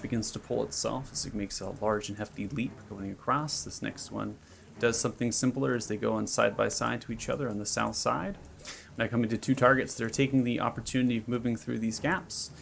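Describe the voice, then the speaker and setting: A man's voice: mid-range voice, creaky, a little hiss or hum. A man narrating as game master, describing monster moves step by step.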